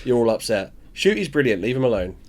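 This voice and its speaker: A man co-hosting a podcast, chatting casually with animated, jokey banter. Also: mid-range voice, fast talker, background noise. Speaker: podcast co-host. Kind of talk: casual chat.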